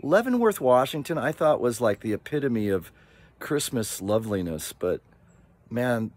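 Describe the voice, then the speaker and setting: A man's voice: medium pitch, normal speed. A man in his sixties, from Oregon, talking casually in a rambling vlog with many asides. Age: 60s. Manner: animated, rambling, with frequent asides and laughs. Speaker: vlogger.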